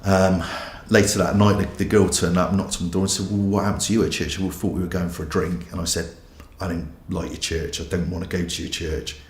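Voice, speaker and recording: A man's voice: deep voice, little pitch movement, brisk, reverberant. A man, a pastor giving a candid, self-mocking personal testimony. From England.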